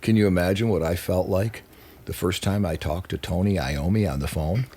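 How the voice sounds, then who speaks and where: Low-voiced male musician guest, casual and profane, animated storyteller. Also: normal speed, noisy background. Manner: animated, swears freely, acts out quotes.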